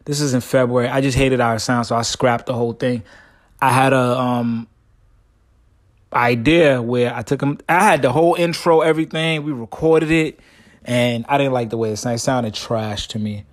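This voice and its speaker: A podcast host whose family comes from Guyana tells a long story in his casual solo show, rambling and slangy with many restarts. His medium-pitched voice stays fairly even and moves at normal speed.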